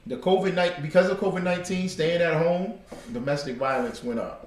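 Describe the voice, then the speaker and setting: A man's voice: fairly high pitch, brisk, a little hiss or hum. A man teaching an informal class, telling stories in an emphatic, repetitive way with casual slang. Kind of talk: informal class talk with storytelling. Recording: echoey room.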